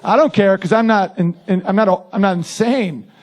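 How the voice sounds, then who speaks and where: A man's voice: sits high, brisk. A man doing a crude, brash stand-up routine who often laughs at his own lines. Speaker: stand-up comedian.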